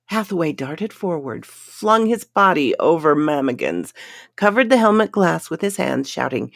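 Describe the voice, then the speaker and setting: Woman storyteller, slow and dramatic, widely varied pitch, close dry recording. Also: big pitch swings, vocal fry, dry recording. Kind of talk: pulp sci-fi story reading.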